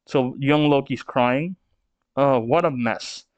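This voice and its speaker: A man's voice: mid-range voice, slow, no room sound, lo-fi sound. A man hosting a manga read-along, commenting casually with many fillers and restarts. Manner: hesitant, filler-heavy. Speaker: manga reaction host.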